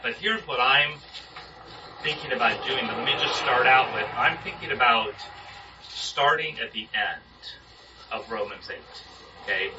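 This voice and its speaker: A Bible study leader with a lowish voice leads a small group in an informal sermon discussion, talking conversationally and putting questions to them. The recording is muffled, distant, room-captured and very noisy.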